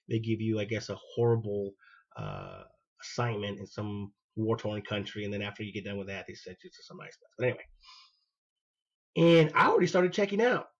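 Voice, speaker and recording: A man, a former Marine hosting his own show, telling a personal story in an animated way and acting out what people said. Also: lowish voice, vocal fry, lo-fi sound. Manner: animated, acts out quoted dialogue. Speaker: podcast host, former Marine.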